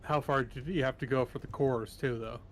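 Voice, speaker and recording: A man in casual gameplay chat as a co-player, relaxed and offhand, with lots of "like". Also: medium pitch, fairly quick. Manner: relaxed, offhand, uses "like" a lot.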